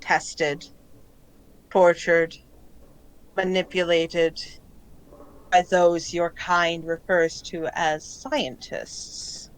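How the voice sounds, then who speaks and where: A woman voicing the calm, collective voice of a sentient alien plant, speaking in measured, formal sentences. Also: lowish voice, poor audio.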